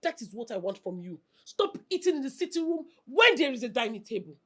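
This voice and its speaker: A woman's voice: on the high side, very animated, moderate pace, breathy edge. An actress playing an angry wife with a Nigerian accent, sarcastic and scolding her husband.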